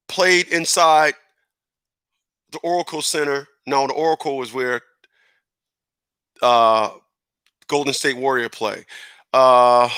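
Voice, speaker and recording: A man hosting a casual radio talk show, animated and rambling, correcting himself and chuckling as he goes. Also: mid-range voice, clean tone, dry recording.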